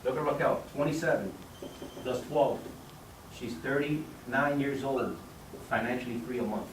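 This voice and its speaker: A man giving a persuasive sales pitch at a meeting with guests, quizzing listeners by name with numbers and questions. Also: normal speed. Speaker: business opportunity presenter. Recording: echoey room, mic far off, faint background noise.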